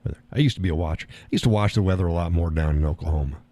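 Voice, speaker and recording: A man's voice: low voice, racing, dark tone, no echo. A man hosting a live stream, chatting casually and reading comments from his chat, swearing easily and laughing often.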